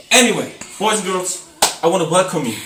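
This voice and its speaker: A man's voice: high-pitched, big pitch swings, normal speed, loud music behind the voice. A man for whom English is not his first language, hosting a casual cooking stream in a brash, teasing, mock-boastful way. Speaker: cooking show host.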